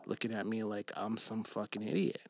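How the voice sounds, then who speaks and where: Gravelly man telling animated stories. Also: on the low side, brisk, dry recording. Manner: animated storyteller, acts out voices, swears freely. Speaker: guest. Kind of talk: casual storytelling chat.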